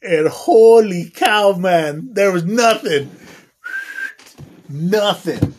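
Husky-voiced man, profane and rambling. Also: high voice, very slow, a little mellow. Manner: profane, rambling, swearing constantly. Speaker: union electrician guest. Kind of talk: casual storytelling chat.

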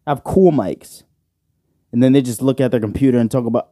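A man with a medium-pitched, warm voice hosts his podcast solo, speaking a little fast with no room sound. He rambles and jokes, swears plenty and drops "bro" often, all into a side-address studio mic.

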